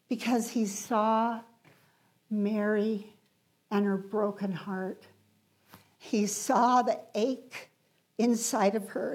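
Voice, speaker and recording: Slow, emphatic woman preacher. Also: a little high, breathy edge. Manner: slow, emphatic, swelling then dropping to hushed lines. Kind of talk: sermon.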